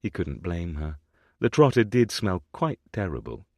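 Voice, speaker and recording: Low guy reading an audiobook, super expressive pitch swings, dry close mic. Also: moderate pace, dry recording. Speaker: audiobook narrator. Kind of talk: scripted audiobook narration.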